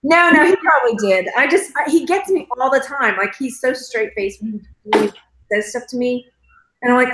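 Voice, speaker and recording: Female co-host, talkative and self-mocking, slightly high voice, echoey room. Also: moderate pace, background noise. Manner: chatty, self-deprecating. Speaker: podcast co-host. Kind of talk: casual chat.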